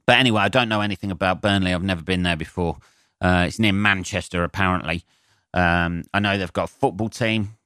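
Snotty bunged-up guy doing his podcast alone, low voice, bright and crisp, swears a lot, dry sarcastic rambling. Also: brisk, no room sound. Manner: sweary, sardonic and self-mocking. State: stuffy, bunged-up nose. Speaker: stand-up comedian hosting a podcast. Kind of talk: rambling solo podcast monologue.

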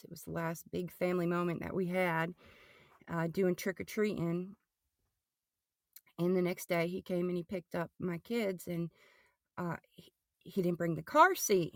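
A middle-aged woman with a lowish, gravelly voice recounts her personal testimony in halting stretches, stumbling and repeating words as she goes. The sound is close and dry, with no room around it. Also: no room sound. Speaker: podcast guest.

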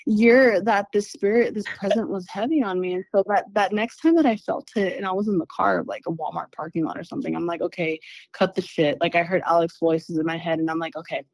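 A woman guest telling a personal story in a podcast interview, candid and animated, swearing freely. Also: lowish voice, quick pace, few pauses, no echo, low-quality recording. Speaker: interview guest, spiritual healer.

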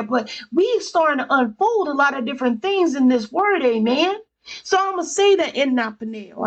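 A woman's voice: high-pitched, muffled recording. A woman preacher delivering a fervent sermon, exclaiming and repeating phrases for emphasis.

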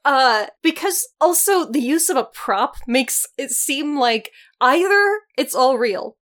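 A woman's voice: high-pitched, animated, a bit bright. A young woman co-hosting a podcast, casually recapping a film with wry, profane asides. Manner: wry, profane, quick to laugh. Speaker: podcast co-host.

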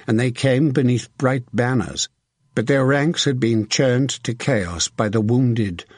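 A man reading a historical novel aloud as narrator, in steady, measured storytelling. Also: fairly low pitch, breathy edge, no room sound, studio quality. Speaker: audiobook narrator. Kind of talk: scripted narration.

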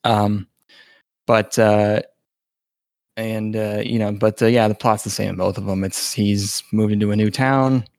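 Laid-back low-voiced man, dry mic. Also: flat delivery, a little slow, darkish tone, no echo. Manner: laid-back, swears casually, trails off with fillers. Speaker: podcast co-host. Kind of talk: casual anime discussion.

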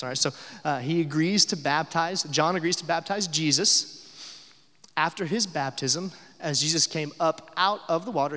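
A man's voice: fairly high pitch, sharp tone, big-room sound. A young adult man preaching a sermon as pastor, conversational, with filler uh's and rhetorical questions.

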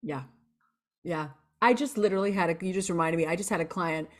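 Animated woman telling candid stories. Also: lowish voice, a little fast. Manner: lively and expressive, acts out her own past lines. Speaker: podcast guest and coach. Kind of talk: candid storytelling interview chat.

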